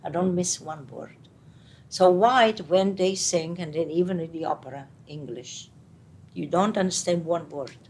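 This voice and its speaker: An older woman with an Italian accent, speaking as an interview guest in a casual, animated way, with halting English and many restarts. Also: fairly low pitch, slight background noise. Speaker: interviewee, retired opera singer. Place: home apartment.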